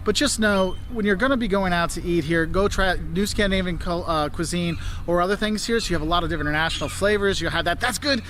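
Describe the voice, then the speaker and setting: A man with a notably high voice gives travel tips with lots of enthusiasm. He laughs often and slips into silly mock voices. A faint background hum sits under his talk. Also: fast, few pauses, a bit bright. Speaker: travel video host. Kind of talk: travel advice vlog.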